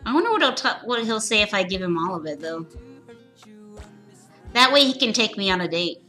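A woman's voice: mid-range voice, sing-song, fairly quick, sharp tone, soft background music. A woman streaming a game, reading its text aloud with giggly, crude offhand jokes. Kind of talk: casual let's play commentary, reading game text aloud.

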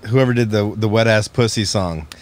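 A man hosting a podcast, chatting casually and laughing easily between quick anecdotes. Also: on the low side. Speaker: podcast host. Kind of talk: casual chat.

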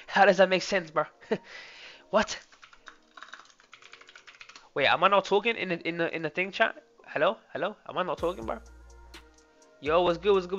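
A young man streaming live and reacting loudly, laughing and often saying "oh my days" and "bro". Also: fairly high pitch. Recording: dull lo-fi sound with faint music. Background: faint background music.

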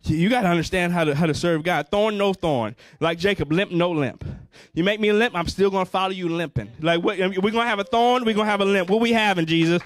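A man preaches with a high, fervent voice, repeating phrases and calling out for the congregation to answer him. His Black colors every line. The sound is dry and close, with little room around it. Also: fast, hardly any pauses, dry recording. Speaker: pastor. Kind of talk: sermon.

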